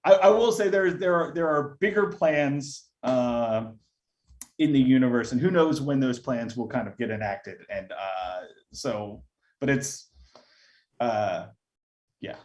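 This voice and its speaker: A man, a filmmaker, answering audience questions in a casual live Q&A, halting often with fillers and restarts. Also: medium pitch, darkish tone.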